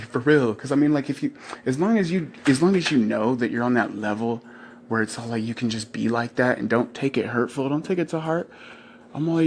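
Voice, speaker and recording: A young man talks in a loose, rambling rant, full of swearing and short laughs. His voice sits at an ordinary middle pitch, and he slips into put-on voices to act out what others say. A faint hiss of background noise runs under the recording. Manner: rambling, profane, laughs often, acts out quotes in other voices. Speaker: vlogger. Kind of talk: casual rant to camera.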